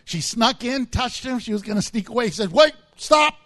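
A pastor preaching a sermon speaks in a very high-pitched, brisk and slightly bright man's voice. He explains words from the text and acts out the voices of people in the story.

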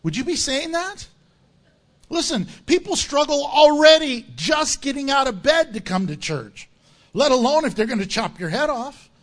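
A man's voice: very high-pitched, lively intonation, moderate pace, fairly bright tone. A man, a pastor, preaching a sermon in a jokey way and acting out voices of the people he quotes.

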